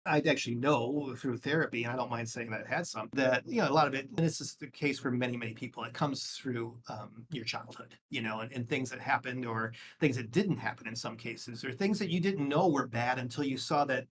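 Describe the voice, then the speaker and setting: A man's voice: medium pitch, a little fast, few pauses, fairly bright tone. A man guesting on a podcast interview, talking casually and self-deprecatingly, with frequent restarts. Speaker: guest, journalist and author.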